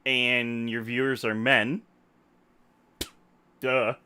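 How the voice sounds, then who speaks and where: A man's voice: medium pitch, drawn-out words, clear, resonant tone. A man hosting a podcast, ranting in an emphatic, joking way during casual chat. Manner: animated, emphatic, jokey ranting. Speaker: podcast host. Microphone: desktop microphone.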